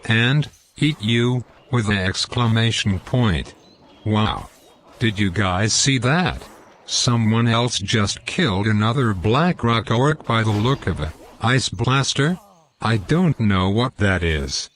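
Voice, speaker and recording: A man narrating a game walkthrough, deliberately reading out lore and in-game quotes. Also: lowish voice, lively intonation, fairly bright tone, slight background noise. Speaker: gameplay commentator.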